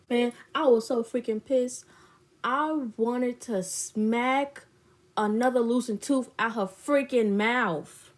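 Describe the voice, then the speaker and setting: A woman's voice: fairly high pitch, lively intonation, takes it slowly. A young woman vlogger telling a personal story in a blunt, indignant, slangy way. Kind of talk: storytime chat.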